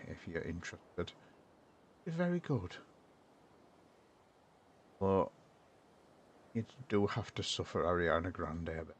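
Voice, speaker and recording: A man from chatting casually while he builds in a game, rambling and answering his chat as he goes. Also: low-pitched. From northern England. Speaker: streamer. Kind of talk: casual gameplay commentary.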